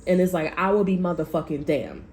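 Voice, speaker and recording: Over slight background noise, a female tarot reader speaks briskly in a lowish, darkish voice. The casual reading is blunt and wandering, with plenty of swearing and frequent repetition.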